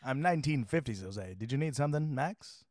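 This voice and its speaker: A man's voice: medium pitch, expressive, a little fast, darkish tone, natural voice. A man playing a sleazy 1950s man who smokes indoors, with brash old-fashioned swagger. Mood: smug.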